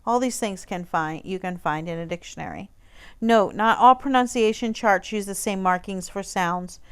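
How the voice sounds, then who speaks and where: Woman teacher, clear smooth voice, easygoing recorded lesson, chatty explaining. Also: medium pitch, moderate pace. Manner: relaxed, conversational explaining with frequent fillers. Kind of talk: recorded online lesson walking through a textbook page.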